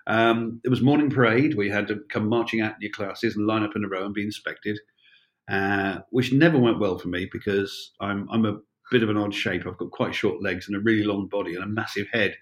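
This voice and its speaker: A man's voice: lowish voice, steady tone, brisk. A man in his sixties, a former police officer telling wry, rambling stories with many fillers and restarts. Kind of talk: anecdotal storytelling.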